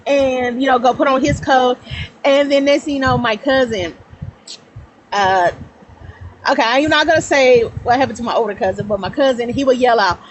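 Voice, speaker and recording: A woman in her thirties telling childhood stories on a livestream, animated and laughing, rambling between thoughts. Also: high voice, normal speed, a little hiss or hum, low-quality recording. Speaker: guest. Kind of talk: casual storytelling on a livestream.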